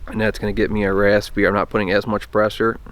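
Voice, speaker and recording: A man's voice: fairly low pitch, flat delivery, quick pace. A man casually teaching a hands-on technique, plainspoken and hesitant, often restarting his sentences. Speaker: turkey call instructor. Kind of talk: casual how-to demonstration.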